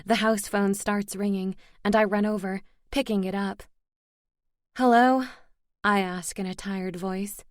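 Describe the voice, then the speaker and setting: A woman's voice: medium pitch, flat delivery, moderate pace, hardly any pauses, no room sound, clean studio sound. Woman narrating a fantasy romance. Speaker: audiobook narrator. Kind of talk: first-person audiobook narration.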